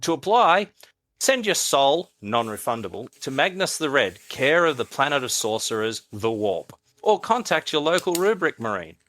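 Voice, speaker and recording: A man co-hosting a podcast, reading a wry, theatrical mock recruitment pitch that swings from loud to hushed. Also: sing-song, moderate pace. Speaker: podcast co-host.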